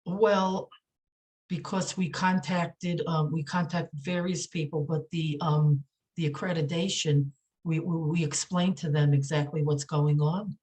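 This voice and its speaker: A woman speaking as a podcast guest, indignant and emphatic, with halting speech full of fillers, restarts and repeated phrases. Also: low voice, fairly even intonation, darkish tone. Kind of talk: emotional podcast interview.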